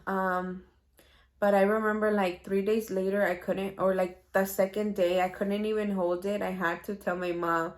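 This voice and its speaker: A woman's voice: medium pitch, little pitch movement, moderate pace. Chatty young woman vlogger laughing. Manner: chatty, laughs often, mixes in Spanish phrases. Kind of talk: casual storytelling chat.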